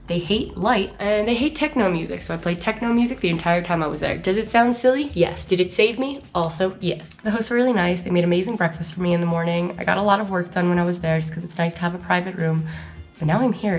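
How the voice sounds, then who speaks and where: Young woman from the US, travel vlogger, rapid chatty storytelling, lowish voice, soft music behind. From United States. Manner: chatty, animated, lots of "like" and acted-out quotes. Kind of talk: casual storytelling vlog.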